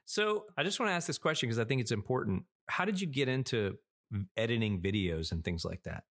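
A man's voice: medium pitch, expressive, brisk, a bit bright. A man hosting a podcast in casual chat, joking and laughing easily with his guest. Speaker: podcast host.

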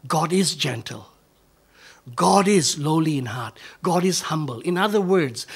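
A man delivers a sermon in a high, slightly husky voice. He works through rhetorical questions and repeated short phrases. His lines sink to near whispers and then rise to forceful, emphatic calls. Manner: repetitive, rhetorical questions and answers. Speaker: pastor.

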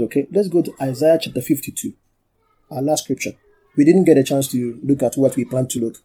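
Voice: mid-range voice, mellow, slightly rough. A pastor preaching and teaching from the Bible, repeating key phrases for emphasis, calling for amens and asking the congregation to read aloud. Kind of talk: sermon and Bible study.

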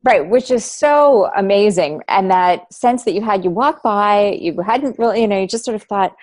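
A woman hosting a conversation, reflecting back on her guest's stories with warm enthusiasm. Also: medium pitch, animated, moderate pace, dry recording. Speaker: podcast host. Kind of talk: conversational interview.

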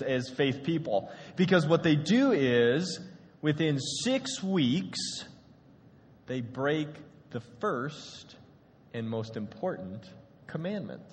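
Male pastor, casual storytelling sermon, fairly high voice, long echo in a church hall. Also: a bit bright. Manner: casual, storytelling, addresses the congregation.

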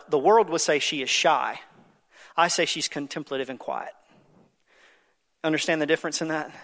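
A man's voice: on the high side, fairly bright tone. Preaching man in a reverberant hall. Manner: conversational preaching with many fillers. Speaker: pastor. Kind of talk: sermon. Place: church sanctuary.

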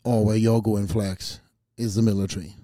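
A man's voice: on the low side, flat delivery, normal speed, mellow, dry recording. A man hosting a podcast interview, friendly and casually swearing. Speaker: podcast host.

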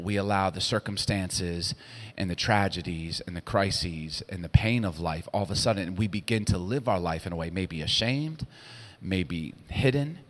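Animated preacher man in a big echoing hall. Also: on the low side. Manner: animated storytelling, swinging between hushed and loud. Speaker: pastor. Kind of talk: sermon. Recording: long hall reverb.

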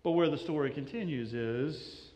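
A man's voice: fairly high pitch, normal speed, darkish tone, big-room sound. A male pastor giving a sermon, telling stories and acting out the voices of the people in them. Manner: storytelling, acts out quoted voices, shifting inflection.

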